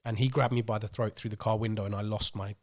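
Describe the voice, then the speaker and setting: A man, co-hosting a podcast and telling a story in a casual, animated way. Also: fairly low pitch, fast. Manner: animated storyteller acting out quoted voices. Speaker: podcast co-host.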